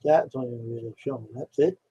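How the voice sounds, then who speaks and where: A man's voice: medium pitch, brisk, mellow, breathy edge, lo-fi sound. A man hosting a casual live stream, greeting viewers by name and grumbling to himself about his videos.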